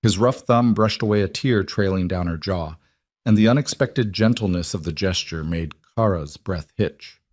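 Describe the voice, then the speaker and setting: A man narrating a dramatic romance story in a measured storytelling voice. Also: sits low, darkish tone, dry recording, studio quality.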